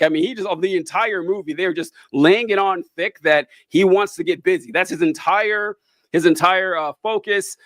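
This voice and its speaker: A man's voice: fairly high pitch, a bit bright, no room sound. A young man co-hosting a podcast, chatting casually and wryly about a movie, rambling and interrupting himself. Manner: rambling, self-interrupting, wry. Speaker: podcast co-host. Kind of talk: casual movie review chat.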